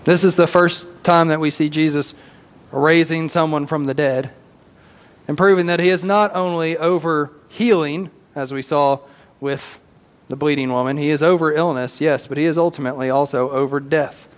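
High-voiced preacher. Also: male voice, moderate pace, in a large hall. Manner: animated storytelling with casual slang. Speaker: pastor. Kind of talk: sermon.

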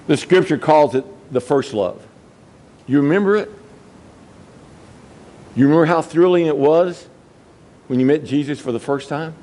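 A man's voice: darkish tone, low-quality recording. Emphatic Baptist preacher man. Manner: swings from low murmurs to high emphatic peaks. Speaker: Baptist pastor. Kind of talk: sermon.

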